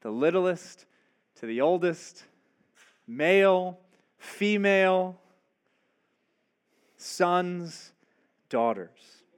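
A man's voice: high voice, animated, drawn-out words, pauses often, clear, resonant tone. A male pastor giving a conversational sermon, often asking his listeners rhetorical questions.

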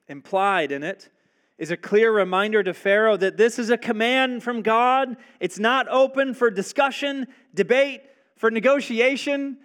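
Male pastor, sermon, conversational; high-pitched, measured pace. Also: fairly bright tone, clean tone. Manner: conversational, asks rhetorical questions.

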